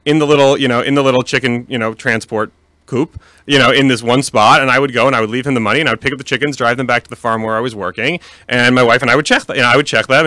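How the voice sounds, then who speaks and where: A man's voice: medium pitch, bright, forceful tone, no room sound. A man talking casually in an interview about founding his meat business, with many restarts and fillers. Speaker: kosher meat company founder.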